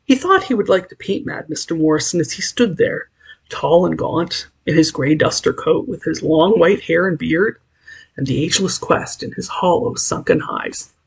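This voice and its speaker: An audiobook narrator reading a story aloud in a measured, expressive way. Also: mid-range voice, gravelly, breathy edge.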